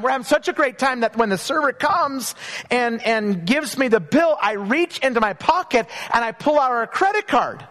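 High-voiced preaching man, emphatic and storytelling. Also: a bit bright. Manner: storytelling with repeated restarts and emphatic slow phrases. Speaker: pastor. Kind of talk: sermon.

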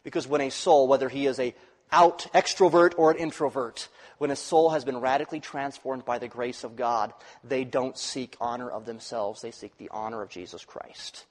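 A male pastor preaching a sermon, swinging from loud, rising emphasis to quiet, dropped phrases. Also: mid-range voice, steady tone, moderate pace. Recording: long reverb of a large hall.

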